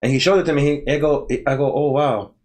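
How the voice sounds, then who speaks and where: A man's voice: on the high side, steady tone, very fast, darkish tone. A man hosting a casual podcast chat who rambles and repeats words as he searches for them.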